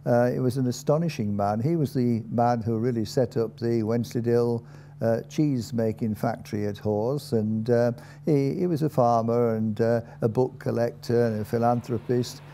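An older male storyteller with a deep, mellow, very dark tone. He spins his anecdotes slowly, pausing and hesitating often, and speaks at an ordinary pitch for a man. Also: steady tone, a little hiss or hum. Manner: unhurried, halting with many fillers. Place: country inn.

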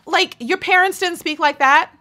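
Bright, indignant American woman vlogger. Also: very high-pitched, normal speed. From United States. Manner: emphatic and indignant, repeating points. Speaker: YouTuber. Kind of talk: opinion commentary vlog.

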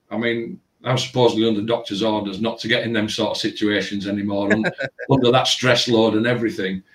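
A man's voice: lowish voice, recorded from a distance. A man, casually telling a long story with lots of filler phrases. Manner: rambling, animated retelling with filler phrases. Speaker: tattoo shop owner. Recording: roomy, from away from the mic.

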